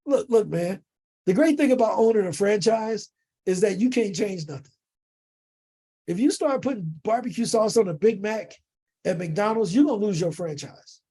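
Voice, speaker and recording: A man from the United States, a podcast guest, telling a lively story in casual slang and acting out bits of dialogue. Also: high-pitched, breathy edge. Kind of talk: animated storytelling in an interview.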